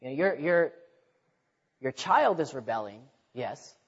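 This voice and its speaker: Husky-voiced man preaching in a hall. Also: medium pitch, expressive, a little slow. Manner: conversational, repeats words, acts out quotes. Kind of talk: sermon. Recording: dull recording in a reverberant hall.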